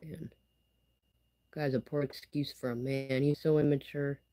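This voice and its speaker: A woman's voice: rumbling low, little pitch movement, a little slow, warm tone, low-quality recording. A woman talking candidly in a casual personal vlog, rambling and filling her speech with "you know" and "like.". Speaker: vlogger.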